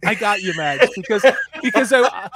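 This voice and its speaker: A man's voice: high-pitched, expressive, brisk, a bit bright, slightly rough, dry recording. A tired man co-hosting a late-night casual chat, rambling and cracking self-deprecating jokes. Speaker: podcast co-host.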